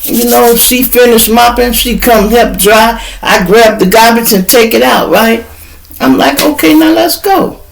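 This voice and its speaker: Gravelly man telling a story. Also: extremely high pitch, a little slow, slight background noise, low-quality recording. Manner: animated, profane, acts out voices. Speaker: podcast host, storyteller. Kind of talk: casual storytelling.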